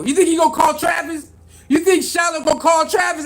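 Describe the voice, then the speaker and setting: A young man with a high-pitched voice, ranting on a live reaction stream. He talks in an animated, slangy way, repeats himself, and keeps calling out to his viewers. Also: fast talker. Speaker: vlogger reacting to sports news.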